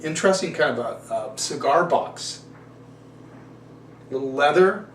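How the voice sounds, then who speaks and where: Male wine show host, casual and rambling, slightly high voice, recorded roomy and off-mic with faint ambience. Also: expressive, measured pace, recorded from a distance, a little hiss or hum. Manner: folksy, rambling, self-correcting. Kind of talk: casual wine tasting talk.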